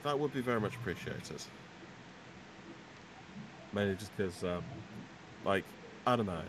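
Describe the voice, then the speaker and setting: A man's voice: lowish voice, animated, unhurried, noisy background. A man running a tabletop game as game master, narrating and chatting in a hesitant, filler-heavy way.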